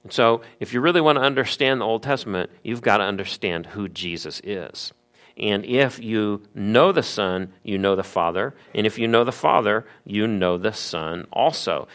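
A man's voice: lowish voice, normal speed, fairly bright tone. A man preaching an expository sermon, explaining the passage with rhetorical questions. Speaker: pastor.

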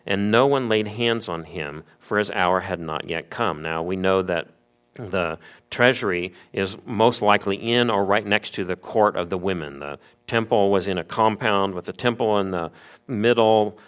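A man's voice: on the low side, moderate pace, a bit bright, clean tone. A man preaching an expository sermon, explaining the passage with rhetorical questions. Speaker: pastor.

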